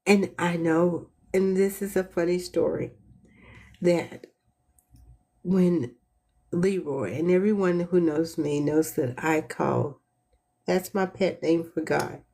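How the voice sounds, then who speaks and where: Woman host with a low voice and a slow, earnest, heartfelt delivery. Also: gravelly. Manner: earnest, heartfelt, animated when storytelling. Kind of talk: casual inspirational talk.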